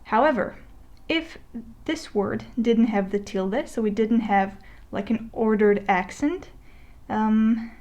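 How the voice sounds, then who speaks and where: A woman's voice: a little high, a little mellow, highs cut off. Chatty woman teaching Spanish plurals. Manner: conversational, with many fillers and restarts, slowing to spell out example words. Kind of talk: explaining a lesson over a digital whiteboard. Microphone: voice-over recording.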